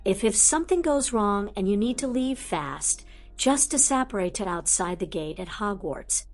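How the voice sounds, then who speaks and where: A scared young wizard boyfriend, voiced by a woman narrator, talking low and fast as though afraid to be overheard. His words come out breathless and pleading, in a middle-pitched voice. Soft music plays faintly behind the audiobook reading. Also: expressive, natural voice. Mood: hushed urgent. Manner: hushed, hurried, breathless. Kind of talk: audiobook character voice.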